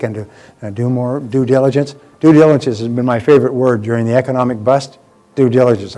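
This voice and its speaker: A man's voice: medium pitch, mellow. A man giving a live motivational seminar talk, emphatic and repeating key phrases for effect.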